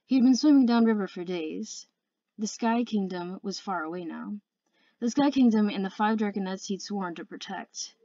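An earnest woman reading a fantasy novel aloud at home, careful and steady, stumbling over a word now and then. Her voice sits at a middle pitch and sounds somewhat muffled and close, with a dry, echo-free sound. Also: normal speed. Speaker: audiobook reader. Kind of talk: amateur audiobook narration.

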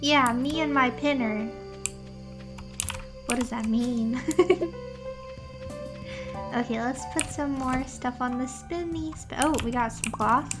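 A young woman VTuber streams a farming game, her high-pitched voice unhurried and sleepy as she playfully chats with viewers in gamer slang. Game music plays behind her casual gameplay talk.

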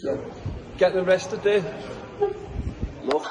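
A man's voice: sits high, brisk, very noisy. A Liverpudlian man live-streaming a street confrontation on his phone, blunt and swearing. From Liverpool, England.

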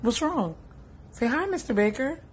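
A mother gently asking her child what's wrong in a casual home prank video. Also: sits high, animated, moderate pace, slight background noise. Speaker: parent.

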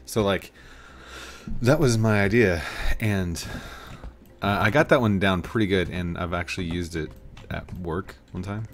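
Giggly low-voiced young man. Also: a little slow. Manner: giggly, playful. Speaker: gaming channel host. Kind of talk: casual gaming chat.

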